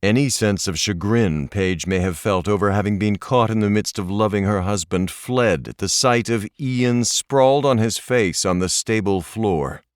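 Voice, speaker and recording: A man narrating an audiobook in a measured, expressive reading. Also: fairly low pitch, clear, resonant tone, no echo, clean studio sound. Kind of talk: scripted narration.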